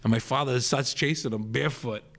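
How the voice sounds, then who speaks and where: A middle-aged man with a Rhode Island accent who spins a rambling family tale on a podcast. His voice sits at an ordinary middle pitch, and he keeps doubling back and breaking into the voices of the people in the story. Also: a little fast, gravelly. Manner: rambling, animated storyteller acting out quoted voices. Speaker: podcast co-host, comedian. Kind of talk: storytelling in casual chat.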